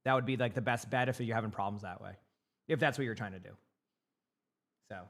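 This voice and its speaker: Talking fast in a fairly low, fairly bright voice, a young man with a light Boston accent from Massachusetts hangs out on a live stream. He reads the chat aloud and rambles on, repeating plenty of words.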